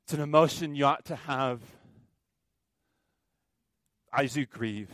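A man preaching a sermon as a pastor, impassioned, with sharp swings from loud to quiet. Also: medium pitch, normal speed, dry recording, studio quality.

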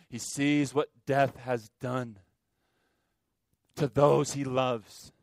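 A man preaching a sermon as a pastor, impassioned, with sharp swings from loud to quiet. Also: mid-range voice, no room sound, studio quality.

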